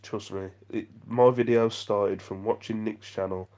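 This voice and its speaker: A man's voice: lowish voice, steady tone, a little slow, darkish tone. A man chatting on a live vlog stream, rambling and self-deprecating as he reads out viewer comments. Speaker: vlogger.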